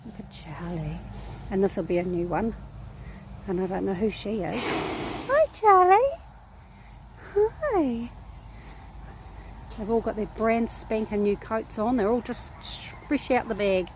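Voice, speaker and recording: This New Zealand vlogger coos to horses in affectionate baby talk while filming casually outdoors at a horse farm. Her medium-pitched voice is warm, with fairly even intonation and a moderate pace, and there's a little hiss or hum.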